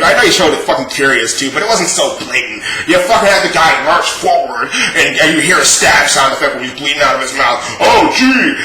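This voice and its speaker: A man's voice: medium pitch, background noise. A young man in a casual, profane rant, reviewing a show with exasperated sarcasm. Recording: echoey room.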